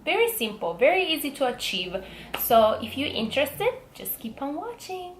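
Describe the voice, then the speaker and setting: An enthusiastic young woman with an Italian accent talks through her makeup. Her voice sits a little high, and the room around her sounds echoey. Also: sing-song, normal speed, a little hiss or hum. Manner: chatty, enthusiastic, frequent ums. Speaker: beauty vlogger. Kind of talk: casual makeup product talk.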